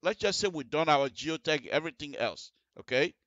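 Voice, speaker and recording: In a radio studio, a man explains road construction and design to listeners as a technical on-air tutorial, going through the details and repeatedly asking things like "you see the difference?" to make sure they keep up. He speaks at a moderate pace in a fairly high, slightly bright voice with lively intonation. The audio has no room sound and comes across dull.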